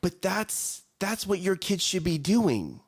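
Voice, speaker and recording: A man in his thirties co-hosting a morning talk show, speaking casually in an animated, coaching way and often repeating his words. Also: high-pitched, takes it slowly, breathy edge. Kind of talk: casual chat.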